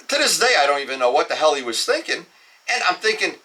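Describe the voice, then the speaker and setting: A man's voice: sits high, sing-song, a little fast, sharp tone, distant mic. A man in his seventies telling stories in a rambling, casual way, with frequent restarts. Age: 70s. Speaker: model aviation storyteller. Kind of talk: casual storytelling.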